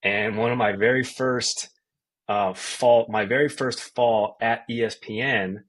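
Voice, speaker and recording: A man in his thirties from Colorado, a sports anchor telling a casual, animated story as a podcast guest, full of slang. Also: mid-range voice, unhurried. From Colorado, USA.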